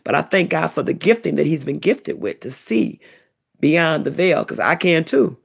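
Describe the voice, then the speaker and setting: A middle-aged woman tells a personal story with deep feeling, her voice gravelly and a little husky. Her pitch swings up and down a great deal as she repeats herself for emphasis. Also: normal speed. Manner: animated, repetitive storytelling. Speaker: vlogger, self-described prophetess. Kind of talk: emotional personal testimony.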